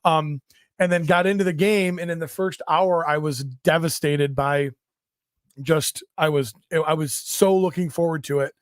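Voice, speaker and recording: A podcast co-host tells a rambling, self-deprecating story in casual chat, his voice on the high side with a steady tone and a slightly slow pace. The recording is clean studio sound with no room echo.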